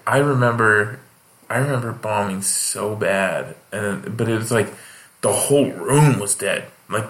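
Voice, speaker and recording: A man from Hawaii, a guest comedian, chatting casually on a podcast and acting out the people in his stories. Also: lowish voice. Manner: animated storyteller, acts out voices. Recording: echoey room.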